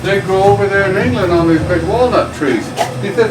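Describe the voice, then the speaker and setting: A man telling bawdy jokes in a saloon bar, folksy and animated, acting out the characters. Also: high voice, brisk, music in the background. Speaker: bar patron. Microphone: far camera. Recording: echoey bar recorded from far off. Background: loud bar noise.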